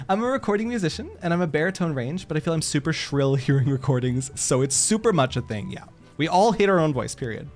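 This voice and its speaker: A man streaming a game, chatting casually with his chat, animated, laughing often and swearing freely. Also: a little high, normal speed, soft background music.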